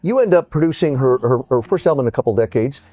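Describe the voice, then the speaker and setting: A man's voice: medium pitch, animated, fast talker, dark tone, no room sound. A man in his fifties hosting an arts show, asking questions in an enthusiastic, rambling way and often interrupting himself.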